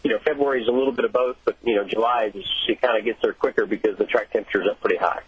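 A man's voice: lowish voice, fairly even intonation, racing, husky, dry recording. A man who drives race cars, calling in for a phone interview and explaining things in an easygoing, laid-back way. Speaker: race car driver guest. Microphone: telephone. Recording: tinny dry phone line.

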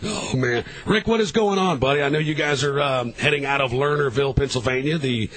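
Casual talk radio co-host. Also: male voice, medium pitch, a little fast, a bit bright, rough recording.

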